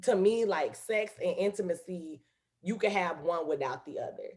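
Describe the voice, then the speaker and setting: A brash, candid woman hosting a casual podcast chat. Her voice sits on the low side. She speaks frankly about her own life. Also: expressive, moderate pace, a little mellow. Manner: laughs often, candid and brash. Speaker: podcast host.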